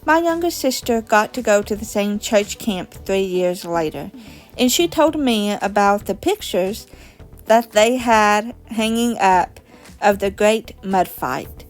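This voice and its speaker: A woman in her thirties hosting a crafting video, telling a summer memory in a slow, deliberate storytelling way with soft chuckles. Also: mid-range voice, expressive. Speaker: crafting channel host. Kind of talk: slow reminiscing chat over crafting. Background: soft background music.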